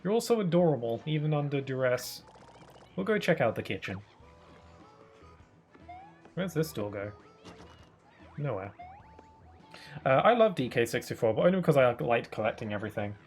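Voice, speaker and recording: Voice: mid-range voice, sing-song, normal speed, long pauses, a little mellow. A game streamer chatting casually and joking while playing, laughing easily. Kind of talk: casual gameplay chat. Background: faint game music.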